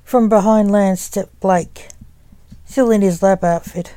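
A woman narrating a story in a measured, plain way. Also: mid-range voice, steady tone, dark tone, no room sound.

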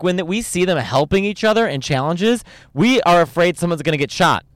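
Lively campy man, guest. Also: a little high, smooth, dry recording. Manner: animated, campy, quick jokes. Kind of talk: casual chat.

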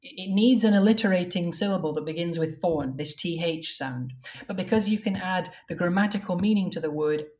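A woman translator in an academic conversation, explaining her work carefully and reading verse lines slowly and deliberately. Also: on the low side, darkish tone. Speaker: translator of Old Norse verse.

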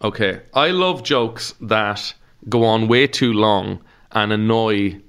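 A man's voice: fairly low pitch, slow pace, fairly bright tone, smooth. A man with an Irish accent, a comedian guest chatting casually on a podcast and telling stories with laughs and swearing. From Ireland.

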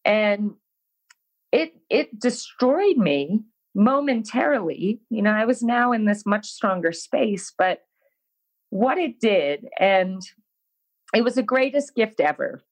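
A woman's voice: medium pitch, slow, rough recording. A woman guest in an interview, telling a personal story in a frank, self-deprecating way and acting out her own past words. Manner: frank, self-deprecating, animated when quoting herself.

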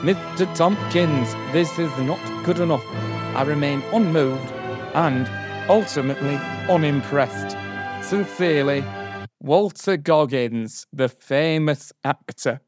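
A man's voice: a little high, takes it slowly, over music. Man putting on a pompous outraged parent. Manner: haughty, theatrical outrage. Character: indignant pompous parent writing a complaint. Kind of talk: comedy sketch performance.

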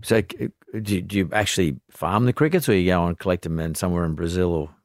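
A man's voice: sits low, quick pace, dry recording. A man hosting a podcast interview, asking curious, probing questions into a close studio mic. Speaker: podcast host. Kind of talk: interview chat.

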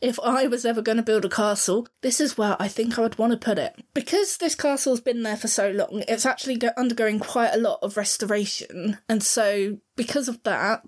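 A woman's voice: fairly high pitch, a little fast, few pauses. A woman with a Southern English accent co-hosting a podcast, chatting casually and laughing at her own attempts to pronounce place names. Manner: chatty and self-deprecating, apologises for her pronunciation. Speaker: podcast co-host.

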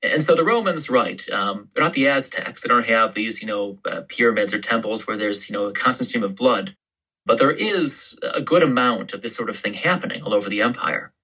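A man's voice: on the low side, expressive, a little fast, sharp tone, slightly rough, low-quality recording. A man as a historian guest on a podcast interview, explaining history in long, loose storytelling turns.

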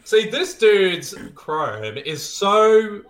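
Animated, joking podcast man. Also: high voice, extremely slow. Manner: joking, swears freely, animated. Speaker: podcast co-host. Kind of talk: casual banter while watching a movie.

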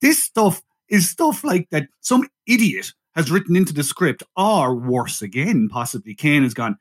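A chatty man co-hosting a laid-back film review conversation. His pitch moves a lot as he talks, and he keeps pulling the discussion back on track. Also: normal speed, few pauses. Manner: animated, chatty, steers the discussion. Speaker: podcast co-host. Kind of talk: casual film review chat.

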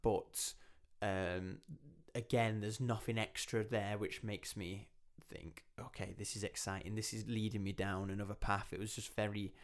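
A young man hosting a casual film review chat, talking in a chatty, animated way and slipping into lively voices when he quotes scenes. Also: on the low side, a little slow, few pauses. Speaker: podcast host.

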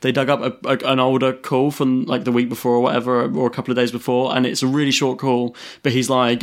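Podcast host guy, casual chat, animated, mid voice. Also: mid-range voice, fast, few pauses.

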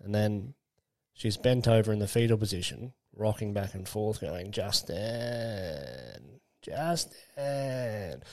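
A man's voice: lowish voice, little pitch movement, normal speed, few pauses, dark tone. A man, co-hosting a podcast and telling a crude, rambling story in casual chat. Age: late 20s. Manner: crude, rambling, laughs while telling stories. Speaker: podcast co-host.

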